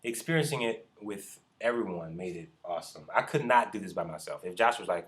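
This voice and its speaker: A man vlogging in casual chat, gushing excitedly about a show he went to. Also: deep voice, a little fast.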